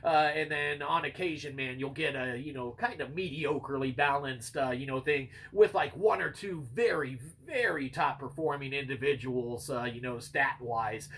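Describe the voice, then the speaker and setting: A man's voice: medium pitch, moderate pace, hardly any pauses, a bit bright, breathy edge. A man giving a casual, rambling game review, full of fillers like "you know" and "man", with some swearing and dry sarcasm.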